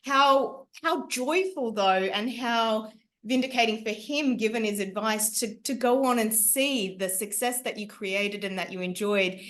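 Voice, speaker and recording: A woman's voice: on the high side, a little slow. A woman hosting an interview, asking chatty questions and sometimes restarting her sentences. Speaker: interviewer, host. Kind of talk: casual interview.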